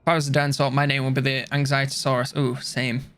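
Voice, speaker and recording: A young man chatting casually while playing a strategy game on stream, rambling and mocking himself with quick jokes. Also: medium pitch, little pitch movement, a bit bright, smooth, soft background music. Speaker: gaming streamer. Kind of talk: casual let's-play commentary.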